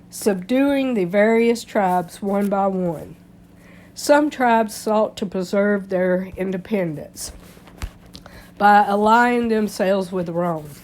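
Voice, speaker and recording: A woman with a stuffy, congested voice reads a history article at an unhurried, slow pace. Her pitch sits in a middling range, and she stumbles over words and clears her throat now and then. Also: darkish tone, a little hiss or hum. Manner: halting reading with slips and throat clearing. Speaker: history channel host. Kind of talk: reading an article aloud.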